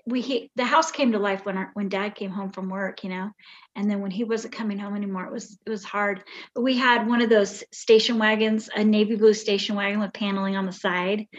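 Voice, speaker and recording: A woman's voice: medium pitch, muffled recording. An older woman from the Bay Area, a podcast guest telling rambling stories about her childhood with many restarts. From Bay Area, California. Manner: rambling, warm reminiscing with restarts. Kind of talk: casual storytelling.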